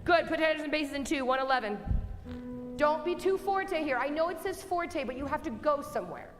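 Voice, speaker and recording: A young woman directing a choir rehearsal, giving brisk, encouraging instructions and singing example phrases. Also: sits high, animated. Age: young adult. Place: rehearsal hall. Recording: long hall reverb, faint music.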